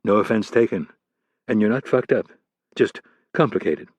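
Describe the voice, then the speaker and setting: A man voicing a patient, thoughtful male psychologist in an audiobook, speaking in a calm, analytical way. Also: fairly low pitch, moderate pace, slightly rough, no room sound.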